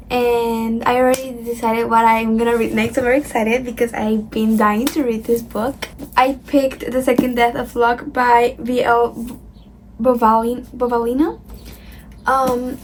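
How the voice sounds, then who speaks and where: Young woman rambling into her phone at home, kinda high voice, sleepy but excited, bit of noise behind. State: sleepy and tired. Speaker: book vlogger. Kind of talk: casual vlog update.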